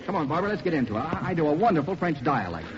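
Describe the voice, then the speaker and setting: A man's voice: fairly high pitch, sing-song, a crowd in the background. A man trading sarcastic wisecracks in a scripted 1940s radio comedy sketch. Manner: wisecracking, sarcastic, quick comebacks. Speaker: co-host and comedy actor. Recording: dull noisy 1941 radio broadcast.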